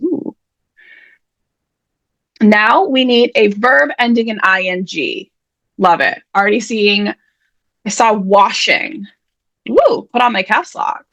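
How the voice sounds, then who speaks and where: A woman's voice: mid-range voice, unhurried, a bit bright, no echo. A woman hosting an online word game on a video call, chatty, playful and self-deprecating as she reads out the players' suggestions. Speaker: host and emcee of an online writers' event. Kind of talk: casual live-stream game hosting.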